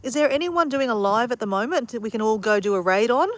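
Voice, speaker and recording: A woman's voice: on the high side, lively intonation, fast talker, dry recording. Chatty Australian woman live-streaming outdoors. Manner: chatty and upbeat, talking to viewers. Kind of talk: casual live-stream chat. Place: outdoors in a backyard with chickens.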